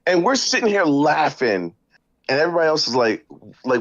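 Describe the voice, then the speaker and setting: A man's voice: fairly high pitch, big pitch swings, fairly quick, no room sound, highs cut off. A man co-hosting a gaming podcast in casual chat, bantering and teasing playfully. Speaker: podcast co-host.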